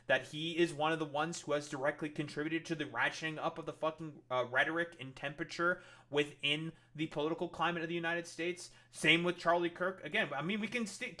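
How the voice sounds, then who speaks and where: A man streaming commentary, his voice bright and a touch high. He rants angrily with heavy swearing. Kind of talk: ranting commentary over clips.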